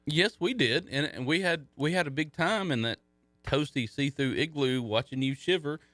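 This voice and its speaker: A man's voice: on the high side, normal speed, fairly bright tone, dry recording. A middle-aged man co-hosting a youth sports radio show, telling rambling stories and poking fun at himself in casual banter. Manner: chatty, self-mocking, rambling storyteller; jokey banter.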